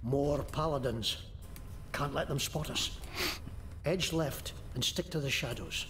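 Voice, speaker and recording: An actor playing a cautious, awed male bard companion in a fantasy game, speaking in a hushed way. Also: medium pitch, slow pace, slight background noise. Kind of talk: game dialogue.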